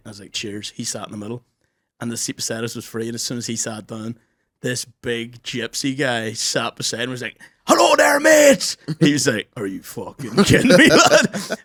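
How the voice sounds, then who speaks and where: A young man co-hosting a podcast, telling crude stories in casual chat and acting out the people in them. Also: medium pitch. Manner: rapid, animated, swearing, acts out the people in his stories. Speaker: podcast co-host.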